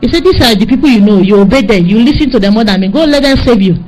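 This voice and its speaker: A woman with a Nigerian accent, preaching with fervor and telling a dream as testimony, pleading and rising to high cries. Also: lively intonation, quick pace, a little mellow, faint music behind, rough recording. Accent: Nigerian English.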